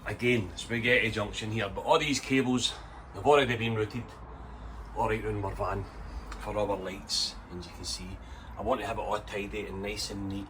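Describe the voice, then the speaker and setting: A man's voice: on the low side, steady tone, moderate pace, bright, forceful tone, a little hiss or hum, poor audio. A Scottish man chatting casually as he explains his work inside a van he is converting. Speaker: vlogger building a campervan. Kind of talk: casual walkthrough vlog.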